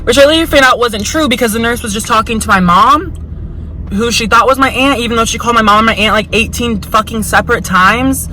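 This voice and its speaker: Young woman vlogger, high-voiced, frank, loose storytime chatter with constant swearing. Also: a little fast, bright, forceful tone, slight background noise, rough recording. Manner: chatty and frank, heavy swearing and lots of "like" fillers; slips into quoted voices while retelling. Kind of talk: casual storytime.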